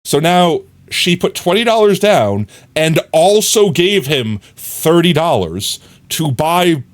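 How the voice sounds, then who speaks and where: A man's voice: on the high side, very animated, takes it slowly. A man streaming live, chatting casually, reading viewers' messages and laughing as he rambles. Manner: rambling, laughing, reads chat aloud.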